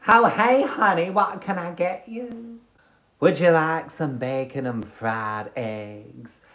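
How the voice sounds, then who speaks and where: A man doing a folksy American fast food worker. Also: a little high, fairly bright tone, echoey room.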